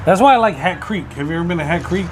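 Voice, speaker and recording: A man's voice: high voice, lively intonation, very fast, background noise. A man co-hosting a podcast, chatting in an easygoing way, swearing casually and laughing at his own stories. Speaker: podcast co-host. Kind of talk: casual chat.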